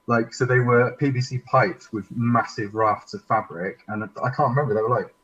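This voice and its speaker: A man, a cosplayer guest talking on a video call in a relaxed, self-deprecating way. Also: medium pitch, normal speed. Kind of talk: casual chat on a video call. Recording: muffled video-call audio with faint noise.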